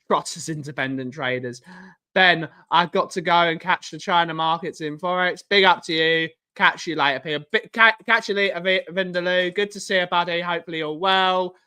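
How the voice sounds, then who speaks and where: Bright-voiced chatty livestream host, a man. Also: high-pitched, fairly even intonation, brisk, clean tone. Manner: rambling, chatty, answers viewers by name. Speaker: livestream host reading chat. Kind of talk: casual live-stream chat.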